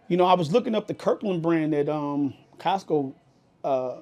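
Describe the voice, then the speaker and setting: Man, New York accent, high-pitched voice, podcast co-host, animated, profane storyteller. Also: moderate pace. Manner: animated, profane, gets loud and heated retelling anecdotes. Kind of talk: casual podcast chat, storytelling.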